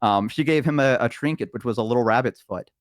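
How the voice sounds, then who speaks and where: A man tells a story in a rambling way, with plenty of fillers and restarts. His voice sits at a middle pitch. The recording is close and dry. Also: fast, no echo. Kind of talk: casual chat.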